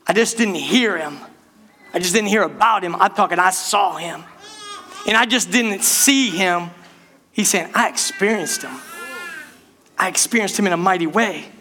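High, bright-voiced male preacher. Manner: animated preaching, speeds up and slows down, calls out to the church. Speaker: pastor. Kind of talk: sermon.

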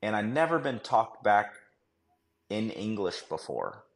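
A man's voice: on the low side, big pitch swings, unhurried. A man, a former army dog handler, telling a war story on a podcast in a casual, slangy way full of fillers and "right?". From United States.

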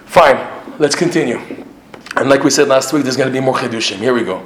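A man teaching a religious class to his regular students, animated, firing off rhetorical questions and often repeating himself. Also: medium pitch, fast, slight background noise. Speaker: Torah teacher. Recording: echoey room, faint ambience.

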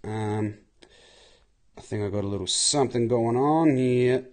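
A man's voice: mid-range voice, unhurried, a little mellow. A young man hosting a podcast, ranting in a casual, profane monologue while walking around home. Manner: profane, swears constantly, rants. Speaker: podcast host. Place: walking outdoors, then indoors at home.

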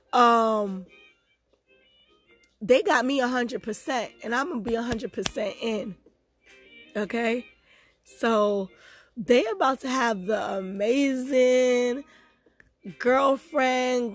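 A young woman hosting her own podcast, talking casually and animatedly to her listeners about her life, dating and faith. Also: fairly high pitch. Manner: chatty, animated, giggly, addresses listeners as "y'all". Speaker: podcast host. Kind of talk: casual personal talk to listeners.

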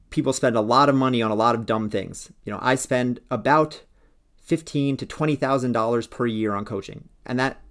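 A man hosting a solo podcast, speaking in an earnest, persuasive way about working with a coach. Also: medium pitch. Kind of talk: solo motivational podcast talk.

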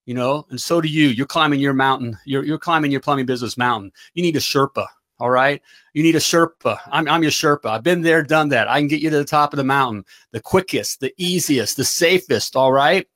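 A middle-aged business coach hosts a livestream, delivering an energetic pep talk and checking in with "all right?" over and over. He speaks at medium pitch and a little fast.

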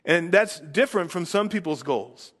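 A man's voice: lively intonation, normal speed, husky. Earnest male pastor preaching in a reverberant hall. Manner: earnest, rising in pitch and force on key words, dropping soft at phrase ends. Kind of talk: sermon.

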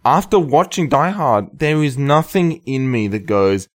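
A man's voice: mid-range voice, sing-song, unhurried, no room sound, studio quality. A man co-hosting a casual film podcast, speaking thoughtfully with lots of ums and restarts. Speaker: podcast co-host.

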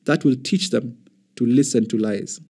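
A man reading a scornful shouting Pharaoh. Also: mid-range voice, moderate pace, breathy edge. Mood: commanding. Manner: sharp, scolding, shouting at times. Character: stubborn scornful male Egyptian king.

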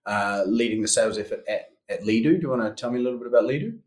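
A man's voice: mid-range voice, very fast, darkish tone. Upbeat male podcast host. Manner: upbeat, chummy, teasing. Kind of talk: scripted intro, then casual interview.

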